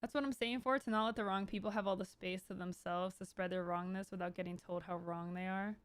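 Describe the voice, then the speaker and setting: A woman in her thirties streaming live, talking casually in a rambling, animated way with many restarts and bursts of exasperation. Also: mid-range voice, fairly quick, no echo. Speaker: Twitch streamer hosting her own stream. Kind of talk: casual livestream commentary.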